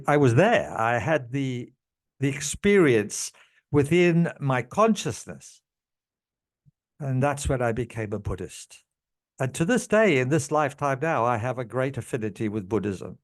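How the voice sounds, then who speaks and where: A man telling a personal story to camera in a halting way, with many pauses and restarts, moved as he speaks. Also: mid-range voice. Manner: slow, halting, with many fillers and restarts, growing emotional. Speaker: channel host telling a past-life story.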